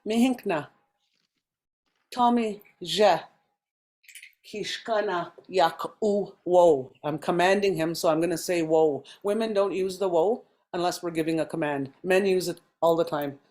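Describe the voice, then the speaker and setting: This is a woman's voice, sitting a touch lower than most, as she leads a class online. She explains slowly and patiently, filling gaps with ums while she works through each point. The sound has the feel of a video call. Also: darkish tone. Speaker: language teacher.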